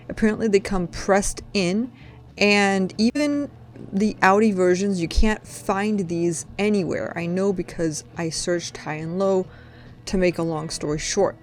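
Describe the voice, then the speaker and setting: A woman's voice: medium pitch, darkish tone. A woman chatting casually in a car repair vlog, rambling with jokey asides. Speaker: DIY car repair vlogger. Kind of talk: casual chat. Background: background music.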